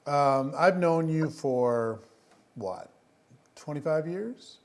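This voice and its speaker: A man's voice: on the high side, animated, slow, a little mellow. A man hosting an interview, reacting in an easygoing, conversational way. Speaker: host. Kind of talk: casual interview chat.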